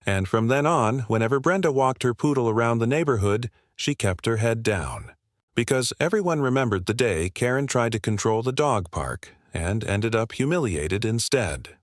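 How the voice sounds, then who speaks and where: A man narrating a dramatic story in an expressive, scripted style. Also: medium pitch, normal speed, no echo, studio quality.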